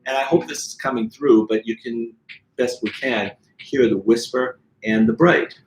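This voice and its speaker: A man's voice: medium pitch, fairly even intonation, unhurried, soft background music, rough recording. A middle-aged man from the Boston area with a Boston accent, giving an online voice lesson and breaking into sung examples as he explains. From Boston area, United States. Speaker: voice teacher.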